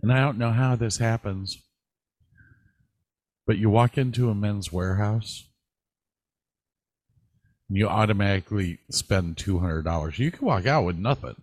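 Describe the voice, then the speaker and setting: A man co-hosting a podcast, telling animated stories in casual chat and swearing now and then. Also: lowish voice, measured pace, long pauses, no echo. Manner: animated storyteller, swears, mimics people he quotes. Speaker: podcast co-host.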